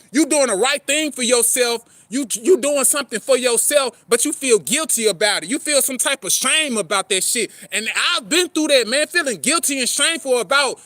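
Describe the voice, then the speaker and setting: A man's voice: very high-pitched, animated, moderate pace, bright, forceful tone, no echo. A man talking casually to camera about trust and pain, with street slang, constant swearing and frequent "man" and "you know what I'm saying.". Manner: rambling, earnest, greets passers-by. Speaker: poet and vlogger. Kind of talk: casual motivational talk to camera.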